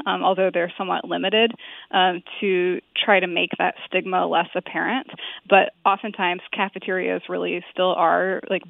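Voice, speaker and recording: A woman author, giving a thoughtful interview answer and filling pauses with "um" and "like". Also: fairly low pitch, creaky, no room sound. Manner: thoughtful, many fillers like "um" and "like". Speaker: author and guest. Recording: tinny phone-line sound.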